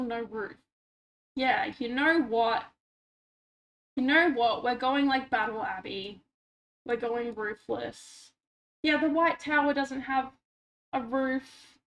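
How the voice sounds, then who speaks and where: A woman with a stuffy nose, chatting casually and rambling with self-mocking asides while she streams a game at home on a desk microphone. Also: sits high. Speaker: livestreamer. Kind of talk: casual chat while gaming.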